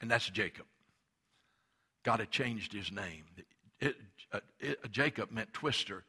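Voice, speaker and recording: A man preaching a sermon as pastor, going from quiet explanation to loud, impassioned preaching. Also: on the low side, expressive, a little slow, husky.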